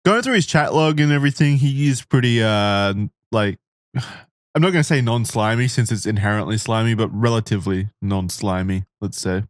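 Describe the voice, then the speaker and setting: A man's voice: lowish voice, moderate pace, dry recording, clean studio sound. A man co-hosting a podcast in casual chat, hesitant and often restarting. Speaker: podcast co-host.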